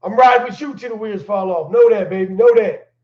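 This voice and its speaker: A man's voice: high voice, a little fast. A man hosting his own channel, telling stories casually in slang-heavy talk and laughing as he goes. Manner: laid-back slang-heavy storyteller, laughs while telling. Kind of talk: casual livestream storytelling. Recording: echoey room, dull lo-fi sound.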